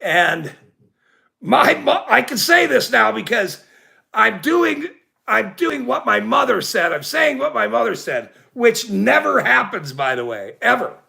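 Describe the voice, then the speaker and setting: A man's voice: very high-pitched, very animated, a little slow, gravelly, sharp tone. A middle-aged man hosting a casual livestream, ranting indignantly and rambling, laughing often. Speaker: livestream host.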